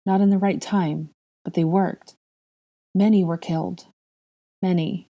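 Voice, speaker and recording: A weary young wizard who speaks softly and sounds resigned. A woman reading a fan story voices him in a low, warm register. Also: fairly even intonation, unhurried, natural voice. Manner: soft and resigned.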